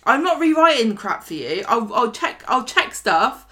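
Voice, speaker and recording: A woman's voice: a little high, sing-song, normal speed, pushed and bright. A woman co-hosting a chatty podcast, ranting and sarcastic. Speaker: podcast co-host. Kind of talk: casual chat.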